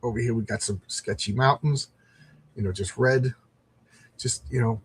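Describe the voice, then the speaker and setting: A man's voice: medium pitch, moderate pace, husky. A middle-aged man chatting casually as he reviews a comic book, rambling and reading panels aloud.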